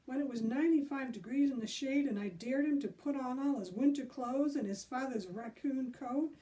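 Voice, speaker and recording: A woman's voice: high voice, moderate pace, dark tone, far from the mic, pitched above the performer's own voice, lightly acted. A woman voicing an anxious young boy who frets and worries. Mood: worried. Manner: fretful, worried.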